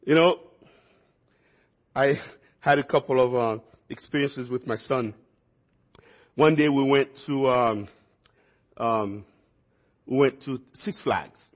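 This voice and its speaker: A man's voice: medium pitch, takes it slowly, pauses often. A man preaching a sermon, telling folksy stories and repeating words for emphasis. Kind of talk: sermon with personal storytelling.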